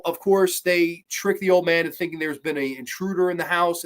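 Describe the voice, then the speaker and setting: A man's voice: on the high side, fairly bright tone. A man hosting a podcast, reviewing horror films casually with enthusiastic, rambling talk full of fillers and mock-quoted lines. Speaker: podcast host.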